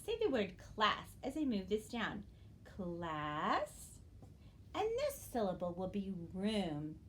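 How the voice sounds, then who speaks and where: Female teacher for young kids: slow, bouncy intonation, encouraging, light room noise. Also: mid-range voice. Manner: slow, drawn-out modeling of words; encouraging, addresses young students directly. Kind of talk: early-grade phonics lesson.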